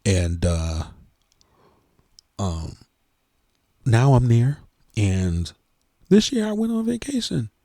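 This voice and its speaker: A middle-aged church organist talking earnestly and emotionally to the camera, in a heartfelt, preachy way. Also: male voice, medium pitch, very animated, slow, long pauses, mellow, dry recording, clean studio sound. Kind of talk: heartfelt casual talk to camera.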